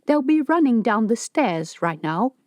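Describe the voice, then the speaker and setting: A woman's voice: fairly high pitch, sing-song, measured pace, no echo, clean studio sound, voice pushed up. A woman voicing a nervous young man who talks in a raised, urgent voice.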